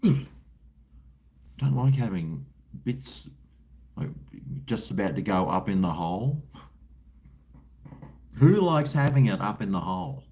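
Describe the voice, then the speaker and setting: A man's voice: on the low side, sing-song, slow, long pauses, warm tone, slight background noise. A man with an Australian accent hosting a casual livestream, rambling in a laid-back way, reading out viewer messages, with crude slang and chuckles. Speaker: livestream host. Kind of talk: casual livestream chat while drinking.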